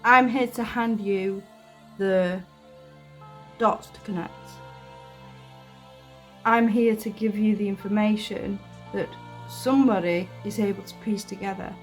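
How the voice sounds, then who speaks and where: A woman's voice: medium pitch, steady tone, measured pace, pauses often, soft background music. A woman hosting an online video, talking casually and rambling, with many fillers, asides and some swearing. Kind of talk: casual commentary to camera.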